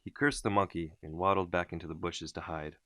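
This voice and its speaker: Deep-voiced man reading a storybook. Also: no echo, clean studio sound. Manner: expressive, unhurried storytelling. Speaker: storybook reader. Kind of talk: reading a children's book aloud.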